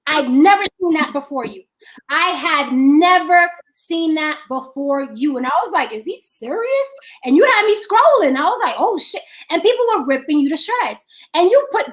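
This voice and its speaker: High-voiced woman, blunt and profane. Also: a bit bright. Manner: blunt and profane, emphatic repetition. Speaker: filmmaker. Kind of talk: casual chat.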